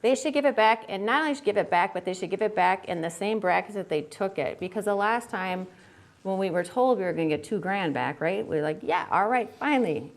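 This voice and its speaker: A woman answering as a candidate at a forum, animated and indignant in a conversational way. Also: mid-range voice, fairly quick.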